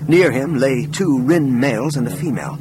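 A man narrating an audiobook in an expressive, scripted reading style. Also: mid-range voice, moderate pace, noisy background.

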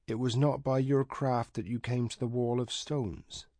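A man voicing a soft-spoken male wizard who talks mildly and very quietly, in a storybook reading. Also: mid-range voice, steady tone, unhurried, no room sound. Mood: gentle. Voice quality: quiet, mild. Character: soft-spoken middle-aged male wizard, mild and calm.

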